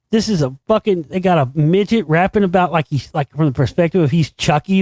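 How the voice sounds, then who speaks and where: Profane, animated middle-aged man. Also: on the high side, brisk, hardly any pauses, no room sound, studio quality. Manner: profane, animated, laughs while recounting. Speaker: podcast host. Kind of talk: casual storytelling monologue.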